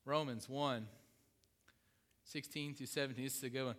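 A man's voice: mid-range voice, fairly even intonation, normal speed, pauses often, fairly bright tone, big-room sound. A middle-aged man preaching a sermon, emphatic, repeating key phrases and asking his congregation questions. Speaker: pastor.

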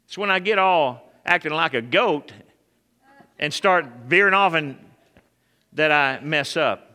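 A man's voice: fairly high pitch, lively intonation, unhurried, long pauses, sharp tone, clear, resonant tone. A man preaching a sermon, calling out to the congregation and building to a fervent, raised delivery. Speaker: pastor.

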